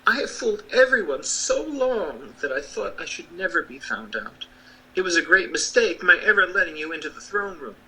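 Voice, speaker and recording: An American man voicing a meek little humbug wizard, talking in a quavering, hushed voice that often drops to a whisper. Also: sits high, very animated, moderate pace, voice pushed up, full character voice, rough recording. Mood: confessing.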